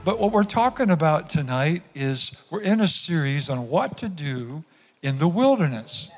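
A man's voice: fairly high pitch, big pitch swings, moderate pace, big-room sound, faint music behind. A man preaching a sermon as pastor to his congregation in church, calling on them to repeat lines after him. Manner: preaching with call-and-response to the congregation. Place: church sanctuary.

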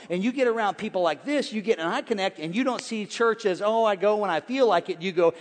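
A man in his forties preaching a sermon as pastor, energetic and folksy, jumping from shouts to hushed, joking asides. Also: sits high, fast, few pauses, big-room sound. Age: 40s. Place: large church hall with congregation.

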